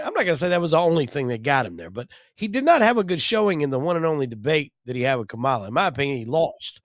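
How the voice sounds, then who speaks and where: A man's voice: fairly high pitch, no echo, clean studio sound. A man hosting a podcast, giving blunt, profane opinions in casual talk. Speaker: host.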